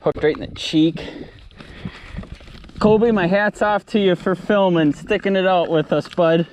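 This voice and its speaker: A man's voice: high voice, a little slow, darkish tone, a little hiss or hum. A man fishing from a kayak, talking casually and enthusiastically about the fish. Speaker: angler filming a fishing video. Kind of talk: excited outdoor fishing chatter. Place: on a kayak on a lake outdoors.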